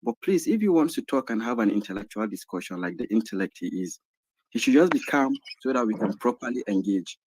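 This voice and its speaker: A man's voice: fairly low pitch, expressive, brisk, a little mellow, husky, no echo, low-quality recording. A man in a heated political discussion, speaking indignantly and demanding civility from an opponent. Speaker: debate participant.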